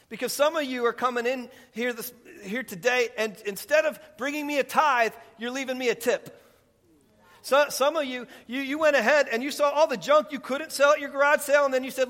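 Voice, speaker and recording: High, bright-voiced preacher in a hall. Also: male voice, moderate pace. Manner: animated, voices God in conversational quips. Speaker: pastor. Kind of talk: sermon. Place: church sanctuary. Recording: long reverb of a large hall.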